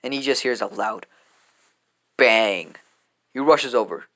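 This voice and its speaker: A man's voice: medium pitch, slow pace, sharp tone. A man casually improvising a fan story, rambling and offhand, with lots of fillers and restarts.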